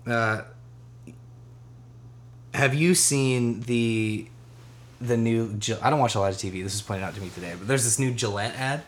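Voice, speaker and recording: A man's voice: medium pitch, normal speed, pauses often. A man co-hosting a casual podcast chat, rambling loosely, swearing freely and laughing often. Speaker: podcast co-host.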